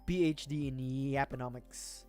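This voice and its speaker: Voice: medium pitch, fairly even intonation, a little slow, a little mellow, soft background music. A streamer from the Philippines chatting casually on a livestream, rambling, self-mocking and laughing often.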